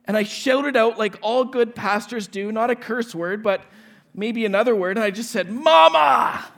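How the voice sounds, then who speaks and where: A man in his forties, a pastor, telling a lively personal story in a sermon and acting out the dialogue. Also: high-pitched, moderate pace. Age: 40s.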